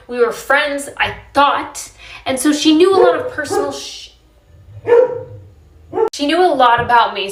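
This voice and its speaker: A woman tells a personal story in a casual storytime way and slips into other voices for the quotes. Her voice sits a little high and sounds exasperated. The room gives it a noticeable echo. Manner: animated and exasperated, acts out quoted dialogue. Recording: echoey room.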